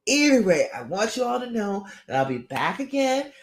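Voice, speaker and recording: A woman's voice: on the high side, very animated, unhurried, roomy sound. A woman relationship coach gives a live-streamed talk. She sounds tired and keeps checking in with listeners with "okay?" and "all right?".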